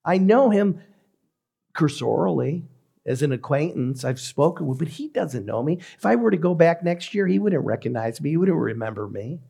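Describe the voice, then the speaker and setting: Measured, emphatic male preacher. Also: a little high, animated, creaky, mellow, husky. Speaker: pastor. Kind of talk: sermon.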